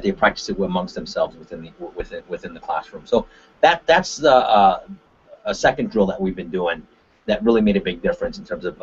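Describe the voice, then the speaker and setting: A man from Korea with a low, husky voice gives an animated webinar talk as a martial arts instructor. His pitch swings widely as he drives each point home with a quick "right?". The call audio sounds dull and lo-fi. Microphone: conference call line.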